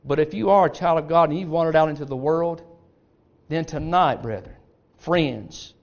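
A male preacher delivers a sermon in a church, calling out emphatically to his listeners. His voice is fairly high for a man. The recording is dull and lo-fi, with the top end muffled. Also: normal speed.

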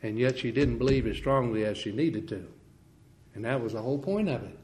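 A man preaching a sermon, swinging from quiet, folksy asides to loud, slow, ringing scripture quotes, with small laughs and restarts. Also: medium pitch.

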